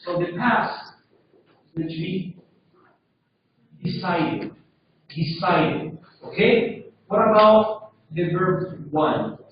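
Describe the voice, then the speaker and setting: A high-voiced man with as his leads a classroom lesson, taking it slowly and checking with the class. He is heard from across a very echoey room on a dull, lo-fi recording. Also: lively intonation, far from the mic, a little hiss or hum. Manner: drills pronunciation, checks with frequent "okay?". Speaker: English teacher.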